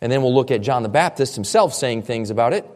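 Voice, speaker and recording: Earnest preacher in an echoey church. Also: male voice, mid-range voice, expressive, fast, darkish tone. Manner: earnest expository preaching with emphatic repeats. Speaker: pastor. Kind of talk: sermon.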